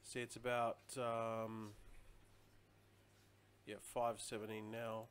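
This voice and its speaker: A man's voice: on the low side, monotone, takes it slowly, a little hiss or hum. A man chatting casually on a live stream, rambling loosely and answering viewer comments as he goes.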